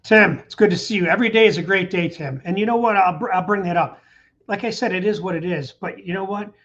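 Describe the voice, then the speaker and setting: A man's voice: high-pitched, fast talker, a bit bright, muffled recording. A middle-aged man hosting a casual live stream, rambling in an upbeat way and reading out viewer comments. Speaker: channel host. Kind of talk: casual livestream chat.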